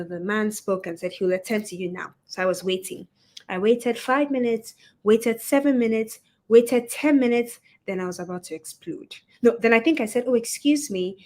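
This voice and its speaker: A woman hosting a webinar, giving a motivational talk and telling a story with lively acted-out quotes. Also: mid-range voice. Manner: expressive storyteller, acts out quoted voices. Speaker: webinar host and etiquette coach.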